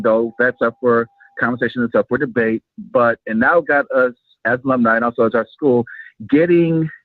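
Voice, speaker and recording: A man's voice: mid-range voice, no echo. A man calling into a show, talking hesitantly with many fillers. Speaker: caller. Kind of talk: call-in opinion. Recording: tinny phone line.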